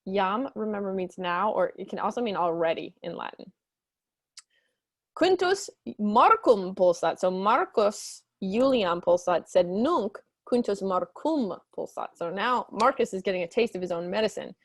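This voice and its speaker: A woman teaching Latin, reading lines slowly and then explaining them quickly in English. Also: animated, no echo, studio quality. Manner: acts out characters with high squeaky voices. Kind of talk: explaining a textbook story.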